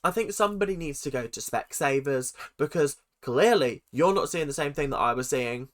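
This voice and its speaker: A reaction host rants through an episode with heavy sarcasm. The pitch swings widely from line to line while staying mid-range overall. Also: expressive, moderate pace. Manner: ranting, sarcastic. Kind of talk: casual reaction commentary.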